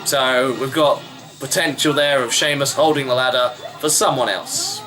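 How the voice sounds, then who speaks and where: A man's voice: medium pitch, sing-song, normal speed, music in the background, low-quality recording. A man giving a chatty, wry running review of a wrestling show, rambling with fillers. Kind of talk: casual vlog review.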